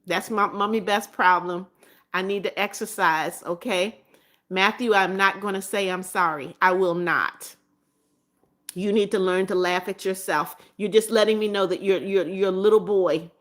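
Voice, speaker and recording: A woman's voice: medium pitch, steady tone, normal speed. Woman live-streaming, laughing through chat. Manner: laughs often, warm greetings and blessings to viewers; repeats phrases, scolds gently. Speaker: livestream host reading chat.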